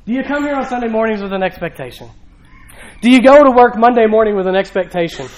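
A man's voice: high voice, lively intonation, fast talker, a little mellow, highs cut off. A male pastor preaching a sermon in a church, talking conversationally with rhetorical questions and emphatic repetition.

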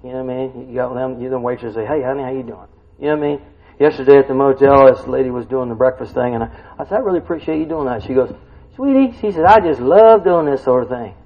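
Folksy man preaching, husky voice. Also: fast talker. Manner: folksy, asks the listeners questions; swells loud and high when excited. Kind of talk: conversational sermon. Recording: dull lo-fi recording.

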